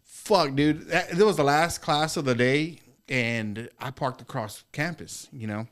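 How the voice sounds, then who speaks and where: A man's voice: mid-range voice, a little slow. A middle-aged man telling a story as a podcast guest, laughing and swearing often as he goes. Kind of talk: casual storytelling. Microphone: studio microphone.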